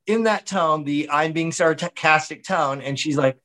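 A man who is a podcast guest, telling a story in casual chat with a sarcastic, animated manner and put-on voices. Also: a little high, moderate pace.

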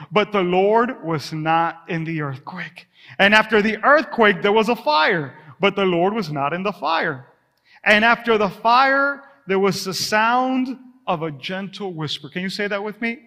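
A man preaching a sermon as a pastor, drawing the congregation into call-and-response, dropping to a hush on soft words and telling stories with lively acted asides. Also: high voice, in a large hall. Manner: energetic storytelling with acted asides.

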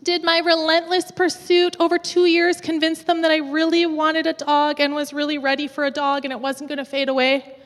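A woman from the west coast of Canada, preaching a sermon in a church with lively, humorous storytelling. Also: high-pitched, normal speed, in a large hall. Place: church auditorium.

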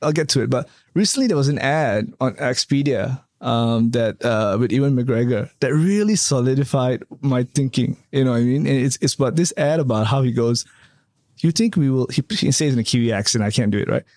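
A man's voice: mid-range voice, fairly quick, few pauses, a little mellow, dry recording, clean studio sound. A man being interviewed in a casual chat, rambling with many fillers and tag questions. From Canada. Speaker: interview guest, hotel developer.

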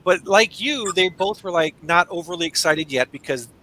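A man's voice: high voice, expressive, normal speed, background noise. A man hosting a podcast and teaching exam prep, chatting conversationally and agreeably with plenty of "you know". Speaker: podcast host and exam instructor. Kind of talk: casual podcast chat.

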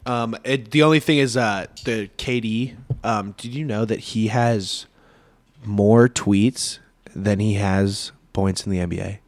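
A young man co-hosting a podcast in relaxed, easygoing chat. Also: on the low side, a little slow, dry recording. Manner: laid-back, laughs easily. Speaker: podcast co-host. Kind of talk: casual chat.

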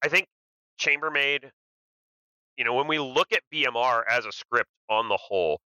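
A man's voice: mid-range voice, sharp tone, clear, resonant tone, dry recording, muffled recording. A man co-hosting a podcast, casually agreeing and clarifying game rules with his co-host. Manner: agreeable, quick to confirm and clarify. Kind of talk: casual game strategy chat.

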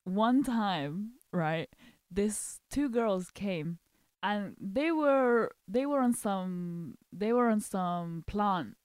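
A young woman hosting a podcast, telling work stories in a casual, animated way and acting out what people said. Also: medium pitch, very slow, clean tone, no room sound, clean studio sound. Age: young adult. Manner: animated, acts out quotes, laughs often. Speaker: podcast host. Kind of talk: casual storytelling chat.

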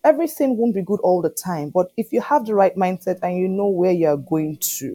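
A woman in her thirties speaks as an interview guest with a fairly low voice. She tells her story with lively energy and keeps checking in with "do you understand?". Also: fairly quick. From Nigeria. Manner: animated storyteller, often asking "do you understand?". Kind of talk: conversational interview.

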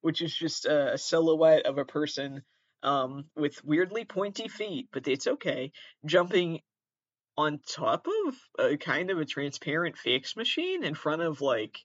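A man's voice: a little high, expressive, unhurried, a bit bright, dry recording, highs cut off. A man with a Midwestern accent hosting his own podcast, reading aloud in a casual comedic way and often breaking into giggles and apologies. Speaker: podcast host.

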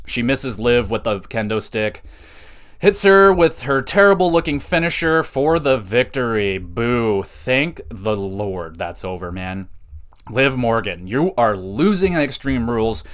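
A man hosts a podcast and recaps the week's wrestling in a loose, sarcastic voice. He swears freely and gets excitable. His pitch sits in the middle range. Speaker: podcast host.

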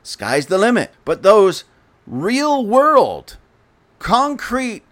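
A man's voice: high-pitched, wildly swooping pitch, very slow, a bit bright. A man giving an indignant, sarcastic political commentary rant, speaking scornfully to his audience.

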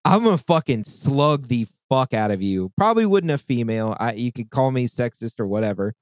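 A man's voice: mid-range voice, lively intonation, fairly quick, a little hiss or hum. A man in his thirties, hosting a podcast in casual chat and telling a story in a heated, profane rant. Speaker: podcast host.

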